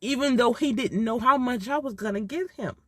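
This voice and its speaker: Woman, heartfelt storytime, emotional and repetitive, fairly high voice, dry close sound. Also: fairly quick, fairly bright tone, dry recording. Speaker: mother telling a personal story. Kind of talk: casual storytime.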